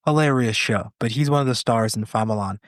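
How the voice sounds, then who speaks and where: A man's voice: mid-range voice, a little fast, no room sound, clean studio sound. A man co-hosting a casual chat, talking with enthusiasm about comedy and now and then acting out lines. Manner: enthusiastic, acts out sketch lines. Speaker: podcast co-host. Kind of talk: casual conversation.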